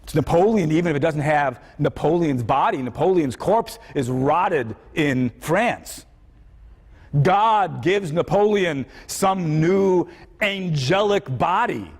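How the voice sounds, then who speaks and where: A male philosophy lecturer addresses his class at a slow pace in a high, lively voice that rises and dips with each point. He thinks aloud and keeps turning questions back to the students, while the lecture hall adds a long reverb.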